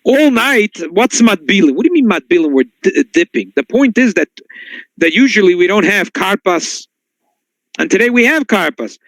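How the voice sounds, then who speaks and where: Male rabbi, sermon-style class, slightly high voice, dry and close, animated storyteller. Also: no echo, poor audio. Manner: storytelling, swings to high excited tones when quoting. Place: synagogue.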